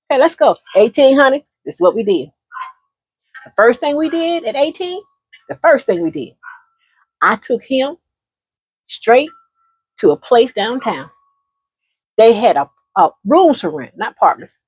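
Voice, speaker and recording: A woman's voice: a little high, very animated, moderate pace, breathy edge, low-quality recording. A middle-aged mother telling a family story in a sassy, laughing vlog style, calling the listener honey again and again.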